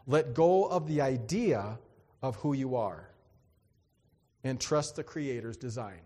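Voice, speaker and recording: A man's voice: mid-range voice, expressive, slow, warm tone. A man preaching a sermon, telling a personal story in an earnest, dramatic way and acting out the other voices. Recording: long hall reverb.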